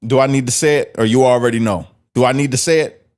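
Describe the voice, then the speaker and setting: A man's voice: medium pitch, steady tone, quick pace, a little mellow. A man talks back to a clip he is watching, mocking it in blunt, profane street slang. His delivery is loose and conversational, and he interrupts whenever the clip annoys him. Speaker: streamer reacting to a clip. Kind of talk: casual reaction commentary.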